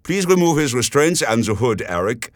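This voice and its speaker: A man voicing a suave, persuasive German businessman with a German accent, speaking politely and smoothly. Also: medium pitch, big pitch swings, normal speed, dry recording, clean studio sound, pitched above the performer's own voice, lightly acted. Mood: courteous.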